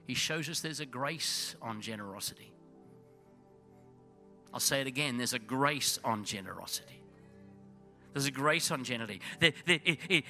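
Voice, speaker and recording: A middle-aged male pastor preaching a sermon in a church, swinging between loud urging and hushed, intense passages. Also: a little high.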